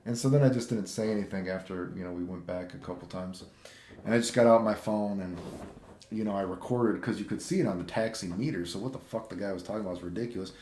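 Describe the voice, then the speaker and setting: A man with a lowish, mellow voice rambles through a casual travel vlog, heating up and swearing when he retells his run-ins. The sound bounces in an echoey room. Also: fast, a little hiss or hum. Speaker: vlogger.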